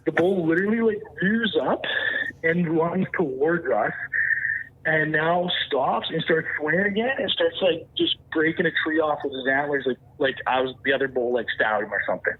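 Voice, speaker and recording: Male guest storyteller, husky voice, tinny phone-like sound, lively hunting-yarn delivery. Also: a little high, moderate pace. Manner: animated, re-enacts dialogue and moose calls. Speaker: podcast guest, hunter. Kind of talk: casual storytelling.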